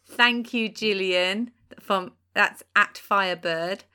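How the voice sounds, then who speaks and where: A woman co-hosting a podcast, briskly leading the segment in casual chat. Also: medium pitch, pushed and bright, clean tone. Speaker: podcast co-host.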